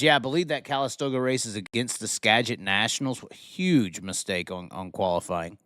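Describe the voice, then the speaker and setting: A man's voice: medium pitch, fairly bright tone, smooth, dry recording, clean studio sound. A man hosting a casual live reaction show, talking in a rambling way with many restarts and stammers. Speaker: host.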